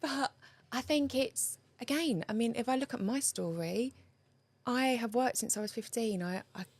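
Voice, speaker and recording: A woman's voice: a little high, moderate pace, darkish tone, dry recording. A woman relationship coach speaking as a guest in an interview, earnest and heartfelt, often checking in with "you know" and "right?". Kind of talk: conversational interview.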